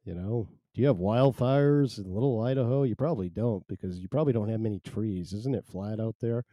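A man's voice: on the low side, brisk, dark tone, no room sound. A man hosting a solo live stream, chatting in a rambling, wry, self-deprecating way.

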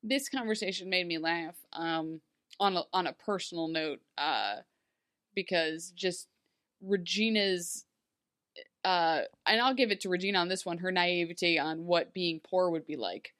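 A woman's voice: on the low side, unhurried, fairly bright tone. Laughing woman chatting casually. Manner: laughs often, acts out quotes in shifting voices. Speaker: podcast co-host. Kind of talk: casual chat.

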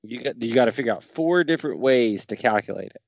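A man's voice: medium pitch, expressive, fast talker, vocal fry, a crowd in the background. Blunt, profane man with a dull mic. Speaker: podcast co-host. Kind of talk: casual banter reviewing wrestling.

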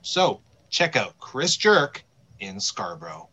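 A man's voice: a little high, wildly swooping pitch, slow, vocal fry, pushed and bright. A man co-hosting a podcast in upbeat, playful casual chat, from Canada. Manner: upbeat and playful, eats on mic. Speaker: podcast co-host.

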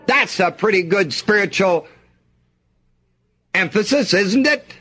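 A man's voice: sits high, animated, a little slow, a bit bright. A man preaching a sermon, reading scripture aloud and asking the congregation to fill in the missing words.

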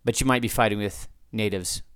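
A man's voice: lowish voice, fairly quick, a bit bright, smooth, no echo, clean studio sound. A man hosting a podcast, talking off the cuff to answer listener feedback, rambling with restarts and asides. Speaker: podcast host.

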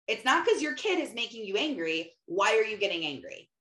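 A woman, a mother, giving an animated, casual faith talk and often acting out quotes. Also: fairly high pitch, brisk. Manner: animated, often acts out quotes, many fillers. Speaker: mother and Christian speaker. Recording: roomy echo.

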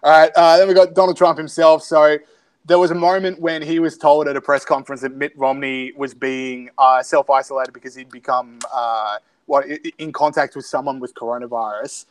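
A man's voice: fairly high pitch, fairly even intonation, brisk. A man co-hosting a podcast from home, wryly reading out tweets and poking fun in casual banter. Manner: wry, sardonic, reading out tweets. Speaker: podcast co-host. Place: home, self-isolating.

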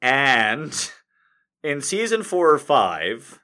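A man rants in stand-up style, exasperated and profane, with a very bright voice. His pitch swings widely as he mocks what he describes in quick impressions. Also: sing-song. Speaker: comedian. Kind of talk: stand-up rant.

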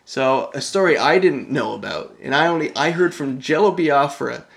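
A man's voice: fairly high pitch, expressive, normal speed, creaky. A man, rambling loosely and swearing casually in a casual podcast chat.

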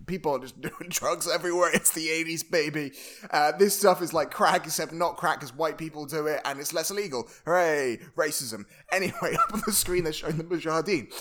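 A man's voice: fairly high pitch, fairly quick, a bit bright. A man co-hosting a podcast, recapping a film in a rambling, joking way with frequent laughs. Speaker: podcast co-host. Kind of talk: casual film recap chat.

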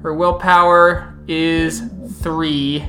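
Slow-talking woman narrating a game. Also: low-pitched, level tone, a bit bright. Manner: unhurried, halting narration with restarts. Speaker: storyteller.

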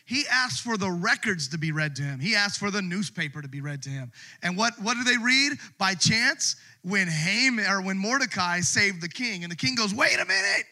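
Animated, bright-voiced male preacher. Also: high voice, normal speed. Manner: animated storytelling with acted voices. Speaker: pastor. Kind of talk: sermon. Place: church service.

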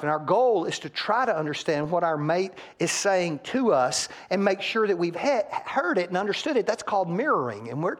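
A male pastor preaching a sermon in a church and acting out quotes from couples to make his points. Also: fairly high pitch. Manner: animated, acts out couples' quotes, rising loud on punchlines. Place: church sanctuary.

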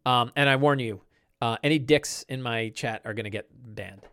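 Middle-aged man, casual stream host, rambling, animated, medium pitch, dry close mic. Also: moderate pace, clear, resonant tone, no echo. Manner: rambling, animated, with frequent fillers and restarts. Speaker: podcast host. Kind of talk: casual live-stream chat.

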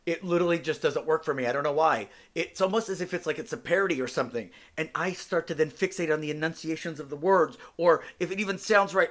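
Solo podcast host, male, English not his first language; blunt, swears freely, comic delivery, a touch high-pitched. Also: fast talker, hardly any pauses, a bit bright. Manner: blunt, profane, joking.

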